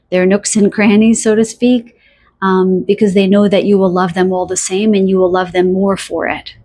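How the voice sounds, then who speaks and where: A woman giving a pick-a-card tarot reading, talking softly and dreamily to the listener, with many fillers, pauses and restarts. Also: mid-range voice. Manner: addresses the listener directly. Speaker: tarot reader.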